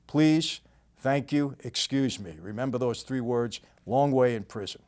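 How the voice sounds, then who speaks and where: A man's voice: measured pace, a little mellow. Older New York man telling stories. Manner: conversational, plain-spoken, drops to a low murmur at line ends. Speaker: storytelling host. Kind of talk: casual storytelling.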